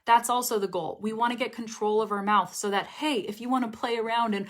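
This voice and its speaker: A woman's voice: a little high, fairly even intonation, brisk. A young woman teaching English pronunciation in a casual lesson to camera, chatty and encouraging, often checking in with her viewers.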